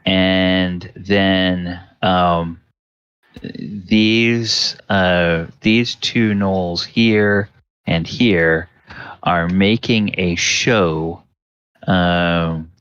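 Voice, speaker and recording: A man narrating a tabletop game as dungeon master, halting and full of filler words. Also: low voice, steady tone, a bit bright, clear, resonant tone, no echo. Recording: dull lo-fi sound.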